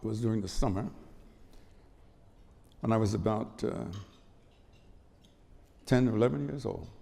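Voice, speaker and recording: A man's voice: on the low side, a little slow, creaky, dark tone. A man in his eighties giving an emotional speech at an award event, telling stories with repetitions. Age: 80s. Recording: long hall reverb.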